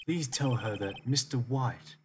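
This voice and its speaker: A man's voice: medium pitch, measured pace, noisy background, natural voice. A man voicing a fussy, overly polite male hotel bellboy who ends every sentence with a stiffly formal "sir". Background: video game music.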